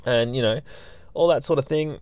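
A man's voice: medium pitch, normal speed, a little mellow, no room sound. A man hosting a podcast, telling a story in a chatty, laid-back way. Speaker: podcast host, dog trainer. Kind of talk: casual storytelling monologue.

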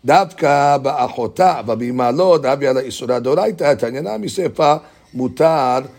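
Husky man teaching a Talmud class. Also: mid-range voice, animated, normal speed, darkish tone. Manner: explains step by step, repeats key phrases, answers students' questions. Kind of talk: Talmud study class explanation.

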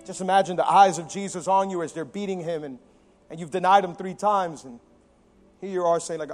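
A male pastor preaching a sermon with lots of energy, moving between loud emphasis and quiet intensity and acting out the quotes in his own voice. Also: fairly high pitch, fairly quick, faint music behind. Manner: acts out quotes of biblical figures with his own voice.

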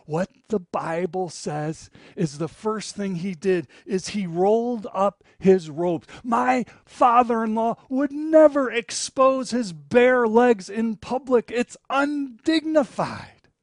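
A man preaching a sermon as pastor, swinging between loud emphatic lines and hushed, low passages. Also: expressive, slow, few pauses, no room sound, clean studio sound.

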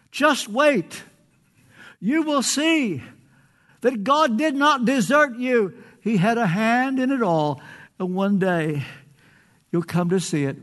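A man's voice: high voice, a bit bright. An older man preaching a sermon, earnest and pleading, stretching out phrases for emphasis.

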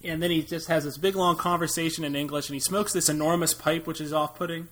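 A man's voice: fairly high pitch, fairly even intonation, fast, a bit bright. A young American man co-hosting a podcast, chatting casually about movies with a rambling, jokey manner and frequent laughs. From United States. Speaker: podcast co-host.

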